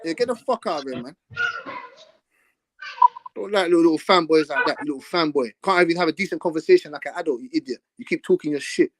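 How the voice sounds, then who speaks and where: A man's voice: on the high side, lively intonation, fast, fairly bright tone, no echo. A young man, hosting a live stream and trading brash, profane trash talk in a heated argument.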